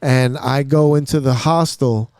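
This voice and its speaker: A man hosting a podcast, telling a long story in casual talk, swearing often and acting out his own lines in a hushed voice. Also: medium pitch, fairly even intonation, a little slow, smooth, no room sound. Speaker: podcast host. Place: podcast studio.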